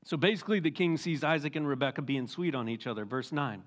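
A middle-aged man, a teaching pastor, retelling a Bible story in a casual, animated sermon full of asides. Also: on the high side, fast.

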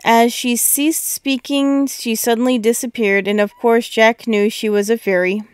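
Female storybook narrator, measured and steady, slightly high voice, smooth and clear. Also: dry recording, clean studio sound.

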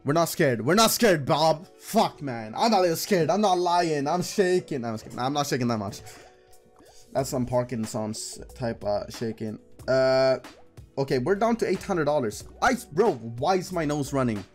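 A young man giving casual, excitable commentary while gambling, swearing and talking to the game. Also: medium pitch, normal speed, soft background music. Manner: excitable, swearing, talks to the screen. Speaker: gambling streamer. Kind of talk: casual live slot commentary.

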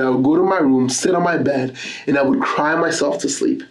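Man, pastor, earnest sermon testimony, slightly high voice, roomy echo. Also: fairly quick. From Canada. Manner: earnest personal testimony with Scripture readings. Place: church.

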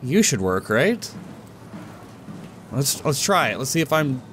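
A man's voice: mid-range voice, big pitch swings, a little slow, fairly bright tone, slight background noise. A young man giving casual, goofy commentary while playing a game, talking to objects and to himself. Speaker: let's play gamer.

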